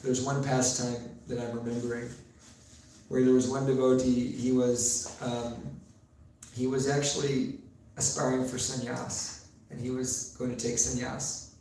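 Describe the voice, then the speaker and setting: A man preaching in a temple hall at a mid pitch, unhurried and storytelling, with pauses and fillers. His voice booms with heavy echo, picked up from far off, and a faint hiss sits underneath. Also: little pitch movement, a little mellow. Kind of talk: sermon. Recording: very echoey room, mic far off, faint noise.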